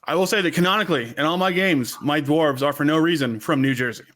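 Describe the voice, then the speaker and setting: Casting: male player, fairly high voice, jokey. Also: quick pace, a bit bright. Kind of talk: casual game chat.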